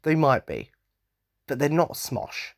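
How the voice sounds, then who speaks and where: A man's voice: fairly high pitch, huge pitch swings, slow pace, gravelly, no echo, clean studio sound. Rambling man hosting a podcast. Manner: rambling, goes off on tangents; enthusiastic and self-mocking. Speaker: podcast host. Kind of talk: casual solo podcast rant.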